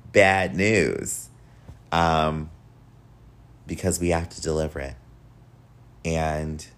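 A young man hosting a solo podcast with a nasal voice, talking candidly and encouragingly in a casual way, sometimes swearing. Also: low voice. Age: young adult. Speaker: podcast host.

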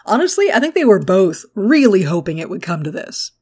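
A woman with a Texas accent, co-hosting a podcast in casual chat, animated and quick to laugh and swear. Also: medium pitch, slightly rough. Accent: Texan. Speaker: podcast co-host.

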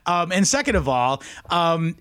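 A man's voice: a little high, big pitch swings, unhurried, fairly bright tone, clear, resonant tone. A man co-hosting a podcast in casual chat, rambling and profane, mimicking people he talks about. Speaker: podcast co-host.

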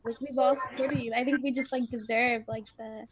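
A woman's voice: a little high, steady tone, a little fast. A teenage girl in a casual chat, hesitant and filling her speech with "like". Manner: hesitant, full of "like". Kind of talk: casual chat among friends.

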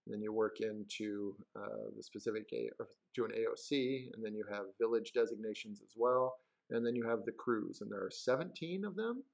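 A man co-hosting a wine podcast in casual chat, with dry, deadpan humor. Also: on the low side, a little fast, vocal fry.

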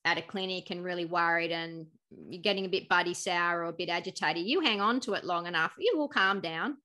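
A woman chatting in a lively, storytelling way, often laughing and voicing the people in her anecdotes. Her tone is bright and forward, with a crisp edge. She talks casually, as a guest on a podcast. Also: lowish voice, brisk. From Australia. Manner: animated storyteller, laughing, acting out quotes. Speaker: guest, pharmacist.

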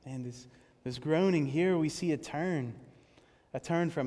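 Impassioned slow-preaching man in a reverberant hall. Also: a little high. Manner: impassioned, halting, repeats words, swings between loud cries and hushed tones. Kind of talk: sermon on a psalm.

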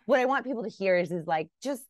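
A woman from Canada in her thirties talks as a guest on a podcast, blunt and lively, often jumping into higher, louder voices to act out her thoughts. Her voice sits at a middling pitch. The sound is close and dry, with no room around it. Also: fast talker, no echo. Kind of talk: casual interview chat.

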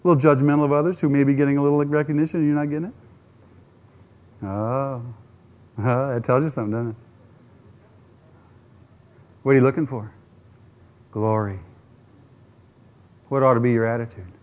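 A man's voice: medium pitch, lively intonation, normal speed, long pauses, darkish tone, lo-fi sound. A man preaching a sermon, using rhetorical questions and acting out quotes. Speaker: pastor.

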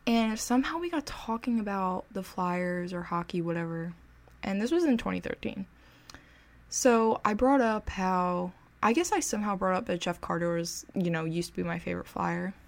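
Talking at a normal speed, a young woman vlogger shares a story to camera like an eager fan. She has a gravelly vocal fry and a typical middle pitch, and her chatty delivery includes plenty of self-deprecating jokes.

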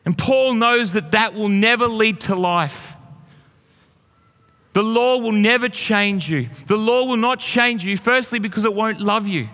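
Male pastor, high bright voice, earnest storytelling sermon, reverberant church hall. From Australia.

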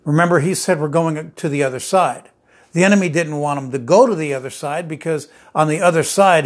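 A man's voice: on the high side, slightly rough. A man preaching a sermon, telling stories with many restarts and fillers, then building to emphatic declarations.

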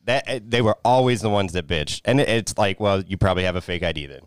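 A man co-hosting a casual podcast, telling relaxed stories with easy swearing. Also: low voice, fast, clear, resonant tone, no echo. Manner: laid-back, profane, laughs easily. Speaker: podcast co-host. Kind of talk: casual chat.

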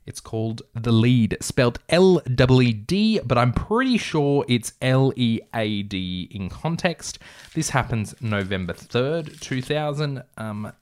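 A man's voice: medium pitch, sing-song, slow pace, a little mellow. A man reads his own story aloud and keeps stopping for wry, joking asides. His delivery is casual and conversational.

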